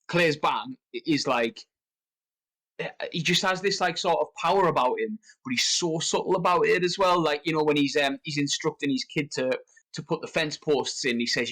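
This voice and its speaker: A man co-hosting a film podcast, talking in a rambling, animated way that jumps up in pitch when he rants. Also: poor audio. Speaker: podcast co-host. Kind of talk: casual film discussion.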